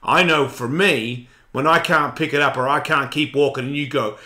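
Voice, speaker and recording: A man in his forties hosting a radio show, talking in a casual, blunt, profane and animated way. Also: mid-range voice, normal speed, hardly any pauses. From Australia. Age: 40s. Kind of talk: casual chat.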